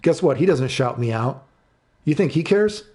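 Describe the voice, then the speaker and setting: A man's voice: on the high side, animated, moderate pace, warm tone. A man in his thirties streaming live, ranting angrily and swearing, repeating himself and answering chat. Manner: angry, profane, repeats himself.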